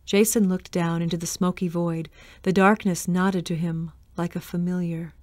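A woman's voice: lowish voice, no echo. Woman reading a ghost story, dry and close. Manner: measured, expressive reading. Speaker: reader. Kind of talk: storybook narration.

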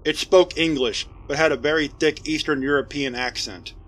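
A man narrating a scripted horror story in a steady, even storytelling voice. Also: fairly high pitch, moderate pace. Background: faint music.

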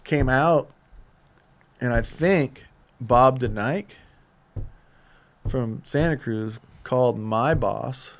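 A man's voice: medium pitch, slow, pauses often. A man in his fifties from Southern California, a podcast guest telling casual, profane stories full of restarts. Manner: loose and profane, with many restarts. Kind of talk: casual storytelling.

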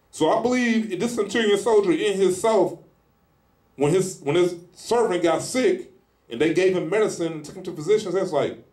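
Male preacher, fairly high voice, lively sermon, echoey church hall. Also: normal speed. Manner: animated, acts out scenes in lively voices; speaks in informal colloquial style.

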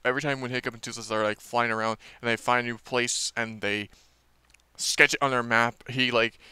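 A man talks through a movie trailer in a loose, rambling way, leaning on fillers and restarting his sentences. His voice is bright and very clear, recorded dry and close. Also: mid-range voice, fairly even intonation, fairly quick, no echo. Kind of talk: casual rambling review.

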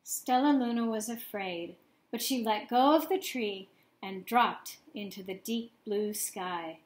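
A woman reading a children's picture book aloud, gently pausing to ask her young listeners questions. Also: mid-range voice, echoey room.

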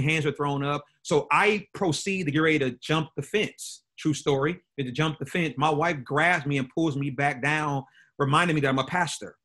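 A man's voice: on the high side, a bit bright. A middle-aged man, a pastor, telling a personal story to a church audience in an earnest way that often repeats and restarts words.

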